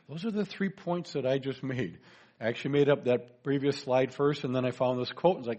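A man's voice: medium pitch, brisk, darkish tone. A man giving a chatty presentation lecture, joking with his audience. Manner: chatty, folksy, jokes to the audience.

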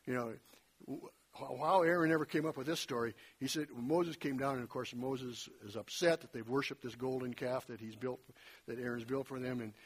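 A man preaching a sermon in a conversational way, retelling scripture with lively folksy asides and a slightly husky voice. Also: medium pitch.

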